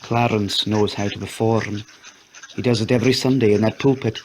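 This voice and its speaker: A man reading an audio story, voicing a downtrodden, haunted wife who speaks in a measured, grave and despairing way. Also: fairly low pitch, fairly even intonation, darkish tone, slight background noise, lightly acted, low-quality recording. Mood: bitter, resigned.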